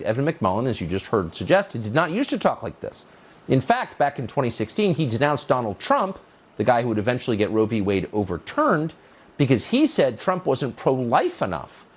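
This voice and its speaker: A man delivers a scripted commentary monologue with heavy sarcasm and mocking emphasis. His voice is husky and his pitch rises and falls widely. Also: wildly swooping pitch, a little fast. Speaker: political commentator.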